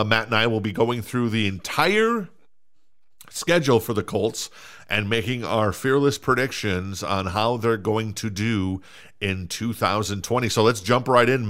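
Low-voiced Minnesota man hosting a podcast. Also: a bit bright. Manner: hesitant, many "uh" fillers and restarts. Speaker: podcast host. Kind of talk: casual sports podcast chat.

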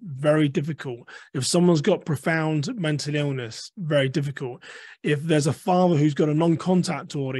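A man being interviewed as an author, explaining calmly and acting out short example phrases along the way. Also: fairly high pitch, dry recording, clean studio sound. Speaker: author and guest.

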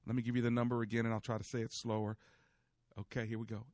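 A man hosting a faith-based call-in radio show speaks in an emphatic, preachy manner. His voice sits at a middle pitch. It is recorded dry and close, with no room echo. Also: flat delivery, very fast, darkish tone. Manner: preachy, emphatic, quotes scripture.

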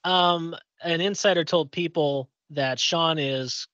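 A man's voice: fairly high pitch, takes it slowly, bright, forceful tone, dry recording, highs cut off. A man from Indiana co-hosting a podcast, chatting casually and telling a long story with many fillers and restarts. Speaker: podcast co-host. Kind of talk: casual chat.

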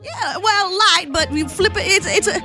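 A hokey, hearty cowboy, put on by a woman on morning radio. The voice sits high and drawls cowboy slang while groping for words. Faint music runs behind. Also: brisk, close to an everyday voice.

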